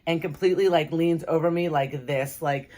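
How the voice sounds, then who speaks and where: A woman's voice: deep voice, steady tone, normal speed, a little mellow. A young adult woman telling a personal story to her viewers in a casual, chatty way, full of "like" and "you know". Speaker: vlogger.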